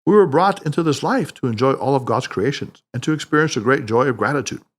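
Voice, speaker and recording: A man's voice: animated, quick pace, close to an everyday voice. A man voicing a wise, playful older male mentor who teases and speaks emphatically. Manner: emphatic, teasing, booming laughter.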